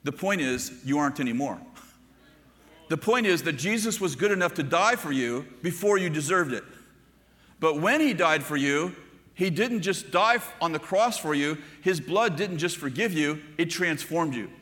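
Older male pastor, conversational storytelling sermon, bright tone, hall echo. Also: a little high, animated, moderate pace. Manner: storytelling preacher, conversational asides to the congregation.

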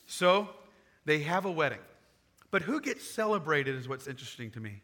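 A man preaching a sermon, retelling a scripture story in casual, animated paraphrase and acting out the characters. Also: fairly high pitch, normal speed. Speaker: pastor.

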